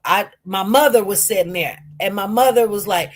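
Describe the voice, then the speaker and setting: A woman with a Detroit accent telling her own story to viewers in an animated, emphatic way, often repeating her words. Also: mid-range voice, moderate pace, few pauses. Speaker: live-stream commentator.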